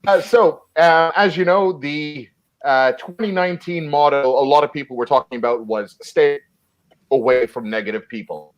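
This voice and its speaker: A man's voice: on the high side, normal speed, muffled recording. A man hosting a comedy video chat, presenting segments in an upbeat way. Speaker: show host. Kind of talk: casual chat. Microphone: video call.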